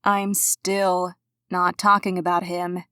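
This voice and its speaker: A woman's voice: fairly low pitch, little pitch movement, bright, forceful tone, clean tone, no room sound, clean studio sound. A woman playing a weary, wry sick woman. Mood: teasing. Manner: slow, weary, teasing. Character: sick tired young woman, wry and stubborn.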